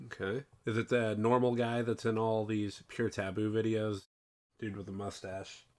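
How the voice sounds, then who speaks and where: A man's voice: on the low side, level tone, moderate pace, a little mellow. A man co-hosting a casual podcast, chatting in a laid-back, chummy way. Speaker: podcast co-host.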